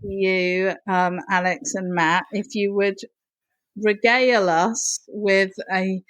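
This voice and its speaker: A woman hosting a podcast, chatting in an unhurried way with ums. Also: mid-range voice, little pitch movement, fairly bright tone, no room sound, rough recording. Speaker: podcast host. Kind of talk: casual chat.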